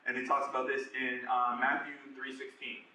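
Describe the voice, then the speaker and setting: A man in his twenties giving a casual, animated personal testimony as guest speaker at a church group. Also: medium pitch, moderate pace, a little hiss or hum. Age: 20s. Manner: casual, conversational, animated retelling with slang. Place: large echoey room at a church singles group. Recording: echoey room, voice from far off.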